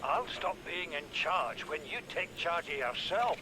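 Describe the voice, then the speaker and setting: A stern ship captain. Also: male voice, on the high side, lively intonation, unhurried, background noise. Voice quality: curt and commanding. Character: stern middle-aged male ship captain, father. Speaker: game character in audio log.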